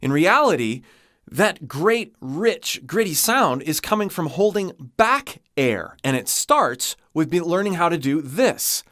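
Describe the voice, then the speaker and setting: Lively, slow-speaking male vocal coach. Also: on the high side, no echo, studio quality. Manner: expressive, demonstrates with voice. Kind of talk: singing lesson explanation.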